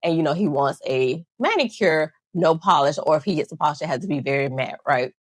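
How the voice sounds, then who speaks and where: A woman's voice: deep voice, animated, a little fast, no echo. A woman vlogger telling a rambling, self-mocking story to camera, laughing often. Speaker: nail channel vlogger.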